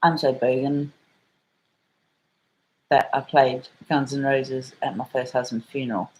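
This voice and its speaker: A woman's voice: very deep voice, fairly even intonation, a little slow, a little mellow, low-quality recording. A middle-aged woman with an Australian accent, telling a rambling story for her vlog in a chatty way, full of slang and the odd swear word. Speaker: vlogger.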